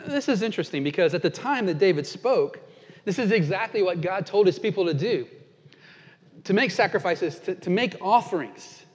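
A man pastor preaching a sermon, earnest and dynamic, slowing down for emphatic quotations and dropping soft and low at times. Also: animated. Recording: dull sound with long reverb in a large hall.

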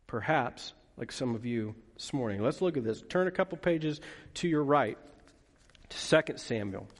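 A man preaching a sermon as pastor, lively and playful, with asides to the congregation. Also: fairly high pitch, big-room sound. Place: church hall.

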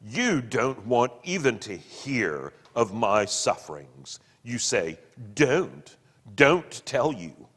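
A man voicing a self-pitying, theatrical ghost husband who declaims bitterly and loudly. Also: mid-range voice, very animated, slow, heavily acted. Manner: declaiming, bitter, loud, drawn out. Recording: long hall reverb.

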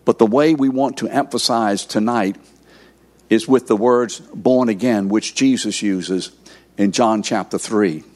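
Middle-aged male pastor, lowish voice, teacherly and deliberate, calls on listeners to answer. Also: darkish tone. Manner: teacherly, asks the audience to fill in words; slow, deliberate emphasis. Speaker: pastor teaching a course session. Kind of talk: sermon.

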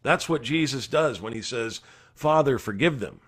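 A man preaching a devotional sermon as a pastor, earnest and emphatic, rising to loud declarations and dropping to hushed, soft passages. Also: medium pitch, lively intonation, normal speed, breathy edge. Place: recorded during quarantine.

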